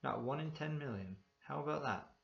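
A male reader gives voice to a small, cocky pickpocket with a gravelly edge, bragging in swaggering street slang. The recording is dull and lo-fi, like an old audiobook. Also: medium pitch, moderate pace, roomy sound, pitched above the performer's own voice, lightly acted. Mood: boastful. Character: cocky, boastful small man, a quick-fingered pickpocket.

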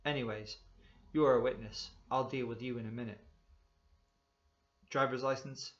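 A man's voice: medium pitch, fairly even intonation, normal speed, dull audio, lightly acted. A man reading a story aloud, voicing a stern, bullying motorcycle policeman who barks and snaps his questions. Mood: barking, stern. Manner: barking, sharp, snapping.

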